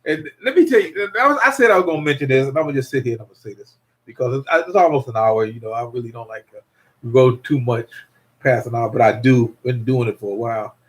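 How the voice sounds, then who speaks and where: A man's voice: mid-range voice, fast. An older man hosting a casual livestream, rambling and repeating himself while greeting viewers. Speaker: livestream host.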